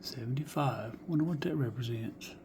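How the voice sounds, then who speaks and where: A medium-pitched man speaks at a moderate pace with background noise behind him. He's a die-cast car collector sharing his finds in a casual vlog, folksy and musing, often dropping his voice to a whisper.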